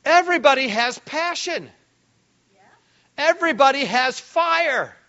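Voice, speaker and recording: A male pastor preaching a sermon with lots of energy, dropping low and quiet, then breaking into sudden shouts. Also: lively intonation, measured pace, lo-fi sound.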